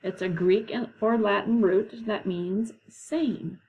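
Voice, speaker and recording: A woman teacher leading a classroom lesson, explaining patiently and slowly, with frequent "okay"s. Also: mid-range voice, steady tone, a little mellow, slightly rough, poor audio. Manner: slow, patient, drawn-out explanations.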